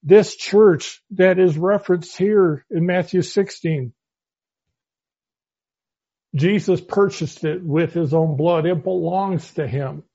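A man's voice: high-pitched, dark tone, husky. Man teaching a Bible study, lo-fi. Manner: measured, quoting scripture at length. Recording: muffled lo-fi audio.

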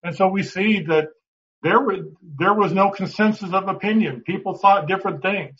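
Bright-voiced Bible class teacher, lo-fi. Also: male voice, sits high, moderate pace, slight background noise. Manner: conversational, repeats words, asks the class questions. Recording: dull lo-fi recording.

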